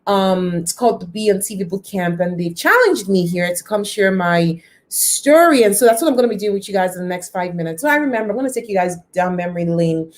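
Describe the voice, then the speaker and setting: A woman's voice: medium pitch, lively intonation, a little fast. A woman in her thirties telling a personal story on a live stream, greeting viewers by name and swinging her voice up and down for drama. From lives near Toronto.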